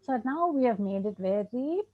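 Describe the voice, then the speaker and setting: A woman's voice: fairly high pitch, expressive, normal speed. A woman with an Indian English accent giving an emphatic training lecture to teachers and parents, repeating her points. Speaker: special education trainer. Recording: dull muffled lecture recording.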